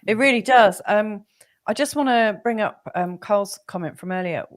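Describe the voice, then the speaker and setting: A woman's voice: mid-range voice, moderate pace. A woman hosting a conversation, asking questions in a hesitant way with frequent "um"s. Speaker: host. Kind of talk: conversational interview.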